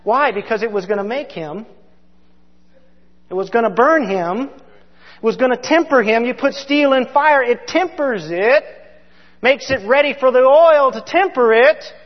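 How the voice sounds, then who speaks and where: High-voiced impassioned male preacher in a hall. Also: unhurried. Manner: impassioned, swings from loud to hushed. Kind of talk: sermon. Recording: dull, reverberant hall sound.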